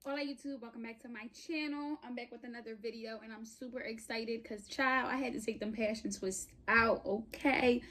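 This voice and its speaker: A young woman talks to camera from home, hyped and slangy. Her voice sits a touch high, and she sounds a little out of breath as she chats through a wig review. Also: fairly quick, few pauses. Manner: chatty, slangy, hyped and animated. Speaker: beauty vlogger. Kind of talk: casual hair review vlog.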